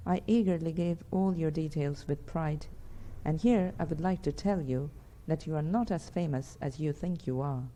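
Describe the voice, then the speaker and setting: A woman narrating an audiobook in measured first-person storytelling. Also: low-pitched, warm tone. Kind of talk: scripted narration.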